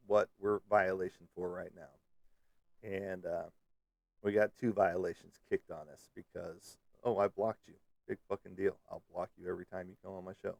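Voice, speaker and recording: Host type: male, low and gravelly, loose joking ramble, dry close mic. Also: no echo. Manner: rambling, joking, lots of fillers. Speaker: live stream host. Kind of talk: casual live chat with viewers. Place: Kansas City area.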